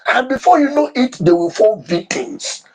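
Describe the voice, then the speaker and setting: A man's voice: extremely high pitch, big pitch swings, normal speed, darkish tone. A man giving impassioned, fervent commentary, repeating himself and restarting his sentences. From Nigeria. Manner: fervent, repetitive, stumbling restarts. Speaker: online commentator.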